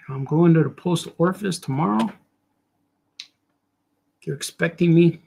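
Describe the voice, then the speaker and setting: A man's voice: a little high, fairly even intonation, moderate pace, creaky, long pauses, dark tone, slight background noise. A middle-aged man, a cartoonist, chatting loosely as he draws, with joking, self-mocking asides. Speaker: cartoonist streamer. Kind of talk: rambling casual chat while drawing.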